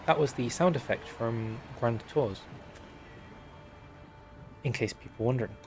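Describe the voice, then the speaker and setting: A man's voice: mid-range voice, measured pace, darkish tone, soft background music. A man streaming a strategy game, chatting casually and joking while reading the event text aloud. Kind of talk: casual gameplay commentary.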